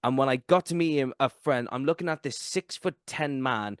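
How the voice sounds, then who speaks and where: A man with a South Welsh accent hosting a podcast, telling stories in an animated, excitable way. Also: mid-range voice, normal speed, smooth, dry recording, clean studio sound. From South Wales. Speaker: podcast host. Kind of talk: casual podcast chat.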